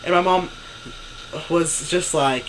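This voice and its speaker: A man's voice: fairly high pitch, slow pace, noisy background. A young man vlogging an exasperated, profane story, acting out what others said. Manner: exasperated, swearing, acts out quotes. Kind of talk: ranting story to camera.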